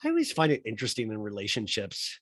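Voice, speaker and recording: A man's voice: fairly low pitch, huge pitch swings, fast, fairly bright tone, no echo, clean studio sound. A man hosting a podcast, recapping a TV episode in a casual, joking way and playfully acting out the lines he quotes. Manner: casual and swearing. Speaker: podcast host. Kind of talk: comedic TV recap.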